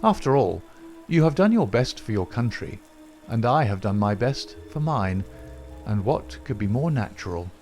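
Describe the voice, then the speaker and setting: A man voicing a calm, middle-aged gentleman detective who speaks in a measured, dryly ironic way. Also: mid-range voice, soft background music, natural voice.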